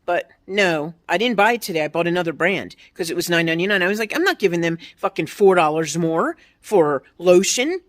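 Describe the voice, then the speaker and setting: A woman's voice: fairly low pitch, expressive, a little fast, few pauses. A woman in her fifties ranting bluntly and profanely to her viewers, mocking other people's replies in quoted voices. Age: 50s. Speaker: vlogger. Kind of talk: ranting monologue to camera.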